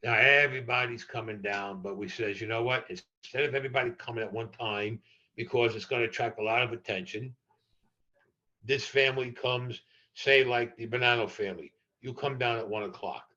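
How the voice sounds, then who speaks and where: An older man tells stories as an interview guest, blunt and profane. His voice is bright and forceful. The recording sounds a little dull and muffled. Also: medium pitch, a little fast. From New York. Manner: blunt, profane, animated storyteller. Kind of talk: storytelling in a podcast interview.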